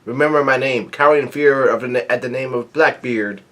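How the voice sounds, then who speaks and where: A cruel pirate captain boasts and barks orders at his crew, as a man reads him out from a comic. The voice sits in an ordinary middle pitch, loud and forceful in command. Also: brisk, close to an everyday voice. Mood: boastful. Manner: barking orders, shouting.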